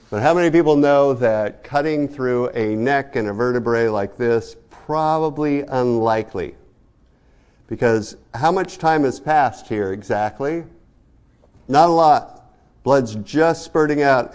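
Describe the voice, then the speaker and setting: A man's voice: mid-range voice, a little mellow, smooth. A man giving a casual art history lecture, talking to students and asking them many rhetorical questions. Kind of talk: classroom lecture.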